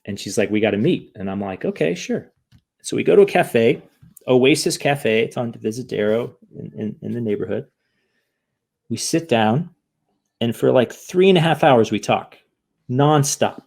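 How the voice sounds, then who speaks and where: A man guest on a podcast, telling a story in casual chat, lively, often acting out quoted voices and asking "right?". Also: medium pitch, normal speed, creaky. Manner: animated, acts out quoted voices, frequent "right?".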